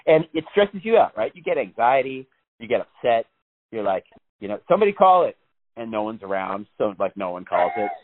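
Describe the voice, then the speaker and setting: A man's voice: on the low side, brisk, a little hiss or hum. A man chatting casually as a podcast co-host, rambling, swearing and laughing often. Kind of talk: casual chat. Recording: tinny phone-like line.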